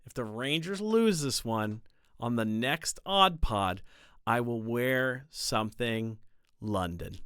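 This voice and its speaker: A man's voice: expressive, slow, fairly bright tone, clean tone, no echo, studio quality. Jokey, rambling man. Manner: jokey, rambling, trails off low. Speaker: podcast co-host. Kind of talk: casual chat.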